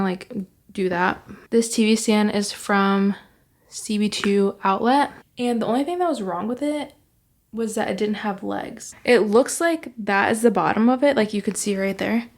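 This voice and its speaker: A young woman giving a casual tour of her new home, chatty and upbeat with lots of fillers, a bit out of breath. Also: mid-range voice. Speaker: vlogger. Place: living room of a new house.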